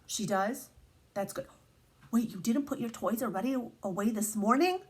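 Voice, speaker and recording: A woman teacher reading a picture book aloud to children, animated and asking them questions as she goes. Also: on the high side, moderate pace.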